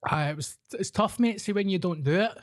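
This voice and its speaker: This Scottish podcast co-host has a fairly high voice and talks a little fast. The conversation is casual, and he keeps it blunt, jokey and full of swearing.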